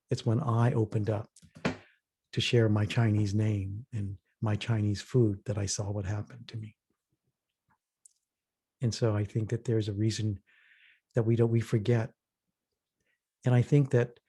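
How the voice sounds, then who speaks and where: Man, workshop facilitator, storytelling, warm dark voice, husky. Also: lowish voice. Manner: earnest storyteller, acts out quoted voices. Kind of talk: reflective workshop talk.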